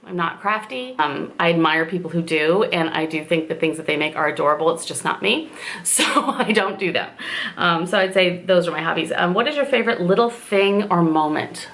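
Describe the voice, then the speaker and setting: A woman's voice: on the low side, moderate pace, a bit bright. A woman in her forties from southern Indiana with a slight southern twang, chatting casually to camera at home as she rambles through viewer questions with lots of fillers. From southern Indiana, USA. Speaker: vlogger answering viewer questions.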